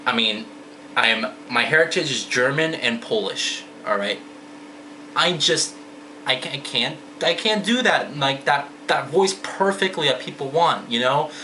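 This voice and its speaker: A man's voice: medium pitch, animated, unhurried, pushed and bright, a little hiss or hum, rough recording. A man talking candidly in a casual vlog, rambling and reading out viewer comments. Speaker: vlogger.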